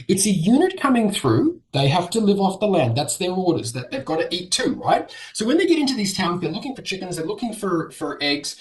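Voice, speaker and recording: A middle-aged man, a historian, explaining in an animated lecture-style way as an interview guest. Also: high voice, a little fast, hardly any pauses. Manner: animated, acts out quoted voices.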